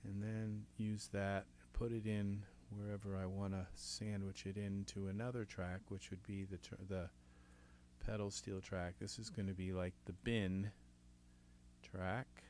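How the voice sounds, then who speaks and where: Slow, mumbling Southern-accented man. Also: lowish voice, little pitch movement, slight background noise. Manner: quiet, muttering to himself, trailing off mid-sentence. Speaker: music production tutorial host. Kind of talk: thinking aloud while working in software.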